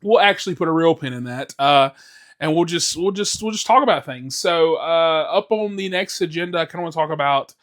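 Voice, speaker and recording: A man's voice: on the high side, a little fast, a bit bright. A young man hosting a casual solo podcast, rambling with many fillers, restarts and frequent swearing. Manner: rambling, filler-heavy, swears freely, self-interrupting. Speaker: podcast host.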